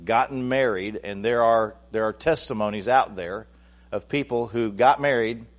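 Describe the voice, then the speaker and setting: Talking to his congregation as if in conversation, a male pastor preaches with restarted phrases and builds to loud, emphatic peaks. His voice sits in the mid range.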